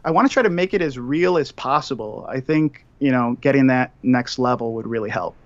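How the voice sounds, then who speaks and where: A man on a guest call-in, chatting casually and rambling through plenty of fillers. His pitch sits mid-range, and the line sounds dull and muffled. There is no room sound at all. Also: a little fast, dry recording. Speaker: guest calling in. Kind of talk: casual chat.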